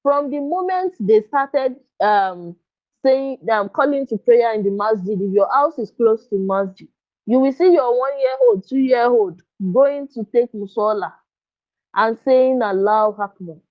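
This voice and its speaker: A woman's voice: fairly high pitch, expressive, unhurried. A woman coaching parents in a live online workshop, speaking earnestly and coaxingly and checking often that listeners follow her. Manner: earnest, coaxing, often asks "you understand?". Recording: dull lo-fi dry sound.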